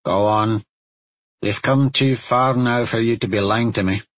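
A man voicing a stern older woman, a witch mentor in a storybook, who speaks in a commanding, measured way. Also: mid-range voice, fairly even intonation, a bit bright. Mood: calm instructive.

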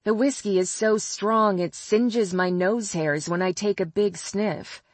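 A woman's voice: medium pitch, a little slow, no room sound. A woman narrating a first-person novel as an audiobook, with a wry, sardonic delivery.

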